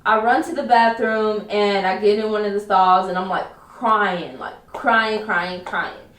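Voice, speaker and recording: A young woman telling a personal story in a vlog, quick and emphatic, acting out what people said. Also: mid-range voice, steady tone, a bit bright. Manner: fast, emphatic retelling with acted quotes. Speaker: vlogger. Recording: roomy echo, mic at a distance.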